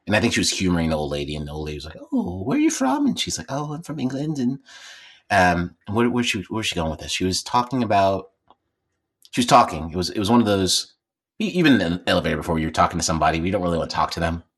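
Husky-voiced man telling a rambling story. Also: deep voice, expressive, rapid-fire, a bit bright. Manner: rambling storyteller with many restarts. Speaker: podcast co-host. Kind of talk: casual chat.

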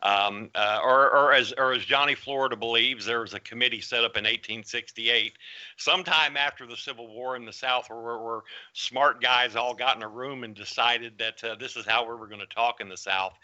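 A man hosting a casual podcast, introducing guests in rambling, halting sentences. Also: medium pitch, fairly even intonation, pushed and bright, muffled recording. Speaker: podcast host.

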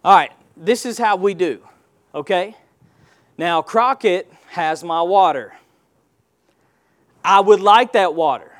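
A man's voice: high-pitched, slow, long pauses. A man preaching a sermon in a church, using call-and-response and rhetorical questions. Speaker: pastor.

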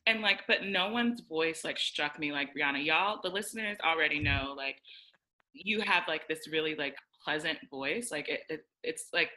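A young woman co-hosting a podcast, telling a story in casual chat, animated and acting out quoted lines with many fillers. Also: low voice, moderate pace, low-quality recording. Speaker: podcast co-host.

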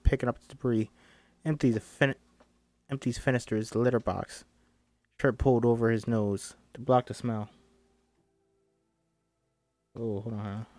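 A man's voice: on the low side, no room sound. A man reading a screenplay aloud and breaking off for chatty, self-interrupting asides. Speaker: script reader and commentator.

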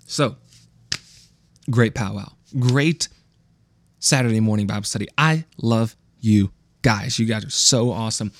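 A man's voice: lowish voice, dry recording. A young man from California's Central Valley with a West Coast accent, hosting a casual Bible talk podcast in a slangy, loose way. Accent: West Coast American. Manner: casual, slangy, repeats words when restarting. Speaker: podcast host.

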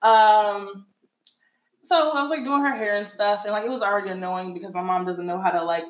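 A woman's voice: medium pitch, brisk. Blunt joking woman podcaster, echoey room. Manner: blunt, joking, profane storyteller. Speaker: podcast co-host. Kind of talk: casual podcast chat.

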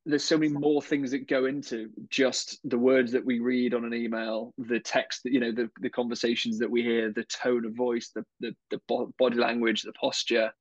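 A man's voice: medium pitch, level tone, normal speed, few pauses, dry recording. A man speaking as a coaching guest on a podcast, thoughtful, often repeating words as he finds his phrasing. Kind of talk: conversational podcast interview. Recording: dull, slightly lo-fi dry sound.

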